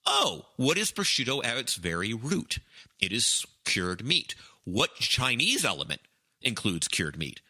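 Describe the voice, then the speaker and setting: Man, podcast co-host, bright sharp tone, lively swooping pitch, emphatic and excitable. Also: a little slow. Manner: excitable, emphatic, often restarts phrases. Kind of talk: casual chat.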